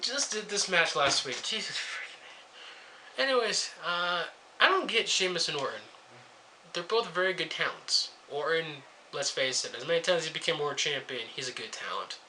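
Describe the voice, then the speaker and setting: A man's voice: fairly high pitch, pushed and bright, a little hiss or hum. A young man reviewing a wrestling show in a casual rant, sarcastic and swearing freely as he jumps between topics.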